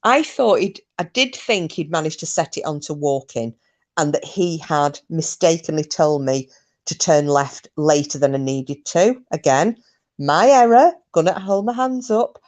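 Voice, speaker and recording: A woman's voice: low voice, lively intonation, a little slow, a little mellow. A young woman telling a story casually to her live chat, laughing often, swearing freely and poking fun at herself. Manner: laughing, swearing, self-mocking. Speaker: streamer.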